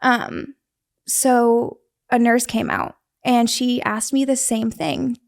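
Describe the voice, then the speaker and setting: A young woman tells her story in an easy, conversational way, earnest and vivid, often restarting her sentences. Her voice sits a little high and carries a gravelly fry. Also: steady tone, slow pace. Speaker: guest sharing a survival story.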